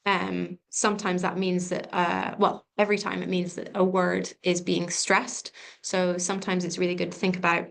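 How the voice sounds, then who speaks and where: Chatty woman tutor, lowish voice. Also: level tone, moderate pace, creaky, a bit bright. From England. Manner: chatty and informal, with frequent ums and self-corrections. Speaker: revision tutor. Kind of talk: live revision session talk.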